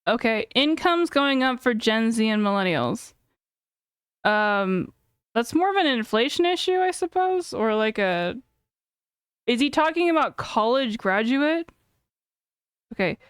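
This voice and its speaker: Chatty woman in her thirties, crisp voice. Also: on the high side, no echo, studio quality. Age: 30s. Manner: thinking aloud, chatty, many "like"s and self-corrections. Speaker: streamer. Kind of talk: casual live-stream commentary.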